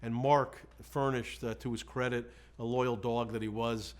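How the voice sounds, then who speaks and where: A middle-aged male defense lawyer looking back on a case in an interview, frank and animated, breaking into laughs as he tells it. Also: mid-range voice, unhurried. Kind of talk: candid recollection in an interview.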